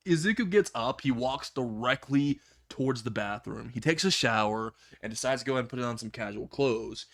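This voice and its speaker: A man's voice: mid-range voice, normal speed, few pauses. A man telling a comedic fan-fiction story in a casual way, laughing at his own jokes and swearing freely.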